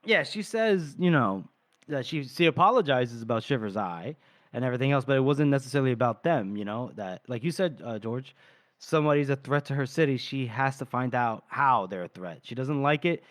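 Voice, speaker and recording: A man co-hosting a book podcast, speaking at an ordinary middle pitch. He retells scenes casually and slips characters' lines into his recap. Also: lively intonation, fairly quick, fairly bright tone. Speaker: podcast co-host.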